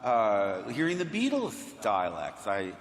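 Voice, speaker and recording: A man speaking as a panel guest, telling animated stories to a crowd and acting out quotes in different voices. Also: on the low side, takes it slowly. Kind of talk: anecdotal storytelling to a crowd. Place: large convention hall. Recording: echoey convention hall, faint hum.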